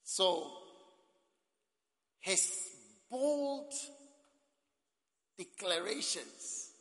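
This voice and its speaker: A man preaching a sermon at a camp meeting, speaking emphatically, often rising to shouts and calling for amens. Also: high voice, lively intonation, drawn-out words. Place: large hall at a camp meeting. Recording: echoey hall.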